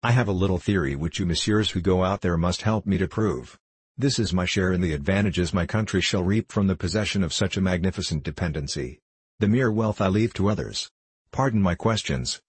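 A man doing a husky, low old doctor. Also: a little fast, no room sound. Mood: musing. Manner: matter-of-fact, quietly amused. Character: eccentric old male doctor, curious and calm.

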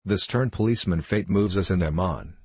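A man narrating an adventure novel in a solemn, measured storytelling manner, recorded close on a studio mic. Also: low-pitched, darkish tone, husky, no echo. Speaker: audiobook narrator.

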